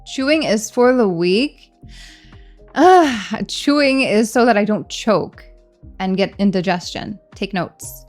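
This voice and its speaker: A woman streamer chatting casually with her viewers, animated and teasing, laughing often, while she eats. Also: medium pitch, slow pace, faint music behind. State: hungry, eating during stream. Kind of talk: casual live-stream chat.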